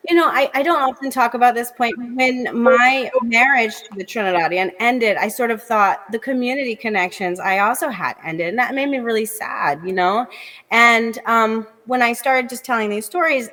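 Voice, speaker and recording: A woman's voice: a little high, pushed and bright, in a large hall, poor audio. A young woman guest, a comedian, chatting animatedly in an interview with lots of fillers. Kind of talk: casual interview chat.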